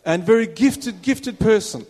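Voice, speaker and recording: A man's voice: high-pitched, expressive, unhurried, darkish tone. A man preaching a sermon as a minister, in a conversational way with rhetorical questions, recorded in a church hall. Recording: reverberant hall.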